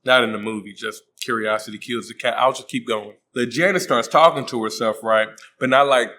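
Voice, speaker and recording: A man's voice: mid-range voice, fairly quick, pushed and bright. A man hosting a comedic movie recap, joking in slang and acting out the characters' voices. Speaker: host.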